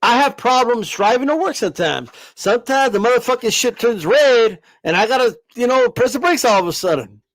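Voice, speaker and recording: A man's voice: very high voice, animated, brisk, hardly any pauses, a bit bright, no echo. A man hosting a boxing livestream, ranting in a brash, profane, emphatic way and repeating himself for effect. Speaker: boxing channel host. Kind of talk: livestream rant.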